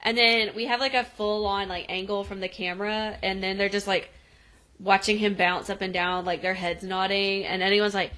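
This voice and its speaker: A woman with a bright, sharp voice chats through a TV episode recap on a podcast. She retells each scene in a casual, animated way and slips into the characters' lines as she goes. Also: medium pitch, normal speed. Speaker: podcast co-host.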